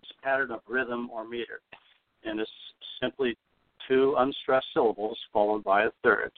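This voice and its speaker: An older man speaks in a steady, mid-pitched voice, pausing often with "uh" as he explains. The sound is narrow and tinny, like a phone line. The room is dead and dry. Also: no echo. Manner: explanatory, with frequent "uh" pauses. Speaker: guest, retired teacher and limerick author. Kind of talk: podcast interview.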